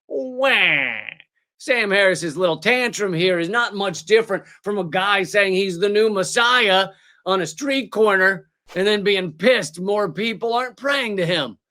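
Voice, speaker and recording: A man's voice: sits high, bright, forceful tone. A man hosting a satirical political comedy show, delivering mocking, sarcastic commentary with exaggerated asides.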